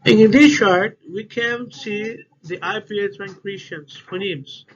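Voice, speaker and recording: A man giving a class presentation on word stress, in halting English that repeats words as he goes. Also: high voice. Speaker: student presenter. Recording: dull lo-fi recording with faint noise.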